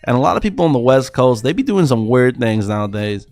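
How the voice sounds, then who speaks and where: A young man from South Florida chats casually with his livestream viewers about trading, rambling, swearing and getting excited as he talks to chat. His voice is medium-pitched and fast, with faint music in the background.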